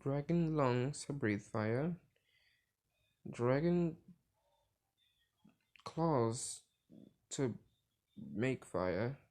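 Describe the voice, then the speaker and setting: A man's voice: medium pitch, darkish tone. A young man casually retelling a cartoon crossover story, rambling with constant filler words and swearing. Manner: rambling, full of "like" fillers, profane.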